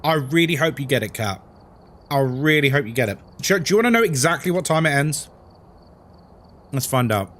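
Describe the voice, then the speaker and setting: A man's voice: fairly high pitch, lively intonation, normal speed, pauses often, fairly bright tone. A man with a London accent, live-streaming a horror game and chatting with viewers about their comments. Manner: chatty, answers chat comments. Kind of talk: live-stream chat while gaming.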